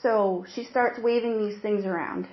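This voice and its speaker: A young mother tells her own story in an earnest, halting way, restarting her sentences often. Her voice sits in an ordinary middle pitch. It is caught on a hidden recorder, so the sound is dull, lo-fi and echoey. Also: fairly even intonation. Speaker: interviewee, new mother. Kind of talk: emotional personal account. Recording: roomy, dull lo-fi secret recording.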